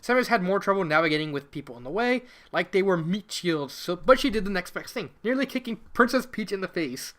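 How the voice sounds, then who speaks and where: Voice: mid-range voice, expressive, a little fast, few pauses, a bit bright. A fan fiction reader reading a story aloud casually, breaking off into rambling, giggly commentary.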